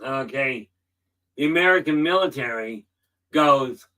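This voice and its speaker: A man hosting a livestream, giving an earnest motivational talk and stressing key words slowly. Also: a little high, sharp tone, far from the mic, poor audio. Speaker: livestream host.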